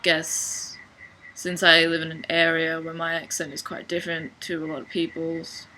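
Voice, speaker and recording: Deadpan young Australian woman, bright tone. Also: low voice, normal speed, low-quality recording. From Sydney, Australia. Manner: deadpan, dry humor. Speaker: vlogger. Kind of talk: casual accent-challenge video.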